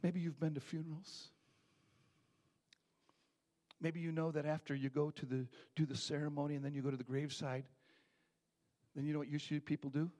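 A middle-aged man preaching a sermon, telling a story with animated acted voices and hushed moments. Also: on the high side, brisk, pauses often. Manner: animated storytelling, acting out voices, dropping to near whispers. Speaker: pastor.

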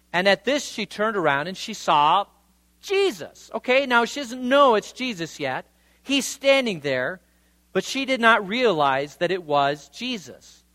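A man's voice: sits high, sing-song, a little slow, pushed and bright, no echo. A man preaching a sermon, reading scripture and retelling it in a casual, conversational way. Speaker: pastor.

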